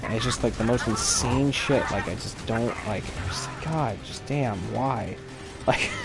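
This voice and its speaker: A man on a live stream telling profane, animated stories about trouble at work. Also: medium pitch, normal speed, loud music behind the voice. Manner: profane, animated storytelling with acted quotes. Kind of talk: casual chat while gaming. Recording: noisy stream audio.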